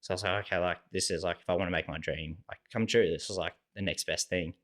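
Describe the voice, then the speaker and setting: A man's voice: low voice, fast talker. A young Australian man, a podcast guest, casually telling stories and acting out what people said, with "like" in nearly every sentence. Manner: relaxed, animated storyteller acting out quoted dialogue, heavy use of "like". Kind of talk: casual storytelling chat.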